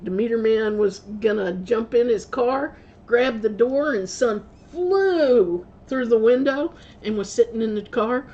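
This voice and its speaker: A woman's voice: a little high, lively intonation, a little slow, mellow, muffled recording. A woman vlogger telling rambling stories in a casual way, laughing often and correcting herself as she goes. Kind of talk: casual storytelling.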